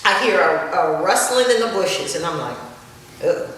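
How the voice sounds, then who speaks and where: A woman, a podcast guest telling her story in lively, emphatic casual chat. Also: on the low side, moderate pace. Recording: echoey room, distant mic.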